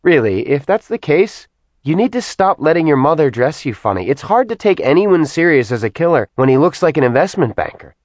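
A woman's voice: deep voice, very animated, a little mellow, no room sound, voice pushed up. A male narrator voicing a sarcastic young woman fighter who mocks her enemies. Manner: mocking, quick wisecracks.

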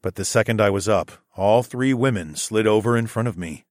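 Male first-person audiobook narrator, lowish steady voice, dry booth sound. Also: fairly quick, no room sound.

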